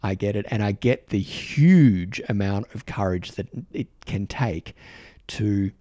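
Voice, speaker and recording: A man with an Australian accent, hosting a podcast and talking earnestly to the camera, halting and restarting his sentences often. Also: lowish voice, warm tone, no echo. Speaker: podcast host. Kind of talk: reflective solo talk to camera. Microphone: microphone in front of him.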